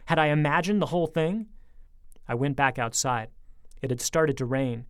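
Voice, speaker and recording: A man narrating an audiobook with lively, expressive storytelling. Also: a little high, moderate pace, clean tone, no echo, studio quality. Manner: lively storytelling, speeding up in tense moments.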